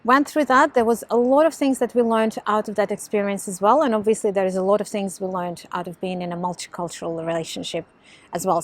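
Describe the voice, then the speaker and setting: A woman from Russia with a subtle Russian accent touched by Australian influence, talking casually to camera as a life coach in a candid, animated way. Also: medium pitch. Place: home in London.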